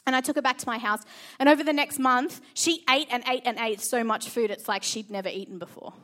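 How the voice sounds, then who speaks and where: A woman's voice: on the high side, brisk, pushed and bright. An Australian woman in her thirties preaching a sermon, reading scripture and telling a personal story in an earnest, emphatic way.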